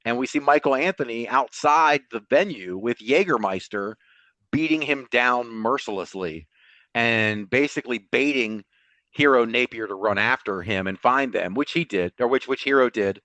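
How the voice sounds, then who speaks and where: A man co-hosting a podcast, recapping a show in a casual, animated storytelling way and laughing often. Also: medium pitch, moderate pace, dry recording. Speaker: podcast co-host.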